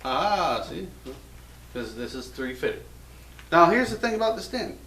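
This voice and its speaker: A man's voice: high voice, big pitch swings, fairly quick, a bit bright. An American man hosting a casual gun show, joking and rambling in a self-mocking way. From United States. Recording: roomy echo from a distant mic.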